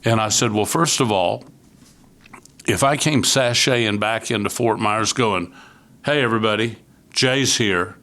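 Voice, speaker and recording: Low gravelly man telling his story. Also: unhurried, a bit bright. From Florida. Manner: earnest storyteller, acts out quoted voices. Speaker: podcast guest, youth ministry leader. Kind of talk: conversational testimony.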